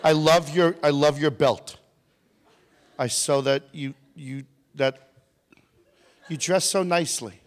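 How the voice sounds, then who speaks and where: A man with a fairly high voice speaks slowly, leaving long pauses, as a motivational speaker telling a funny story to a live audience. He's animated and jokey, teasing people in the crowd, and a long hall reverb surrounds him.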